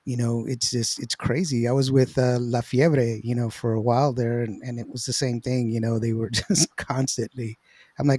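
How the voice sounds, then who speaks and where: A man hosts a relaxed interview, asking long rambling questions full of fillers. His voice is mellow and warm, recorded dry and close with no room sound. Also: mid-range voice, moderate pace, no room sound. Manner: rambling, loose, with many fillers and restarts. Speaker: interview host. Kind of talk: casual interview chat.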